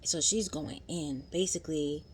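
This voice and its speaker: A woman in her thirties recapping a TV episode in casual, animated vlog commentary, acting out quotes. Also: measured pace, a little hiss or hum. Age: 30s. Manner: chatty, animated, acts out quotes in higher voice. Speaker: vlogger.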